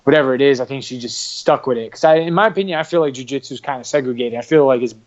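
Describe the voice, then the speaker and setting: A man chatting casually on a podcast, halting and repeating his words as he talks. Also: mid-range voice, lo-fi sound.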